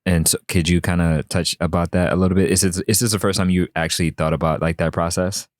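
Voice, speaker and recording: A man hosting a podcast, asking questions in a relaxed way and often agreeing with "yeah" and "right". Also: low voice, fast, no room sound, studio quality. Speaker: podcast host. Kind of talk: casual interview.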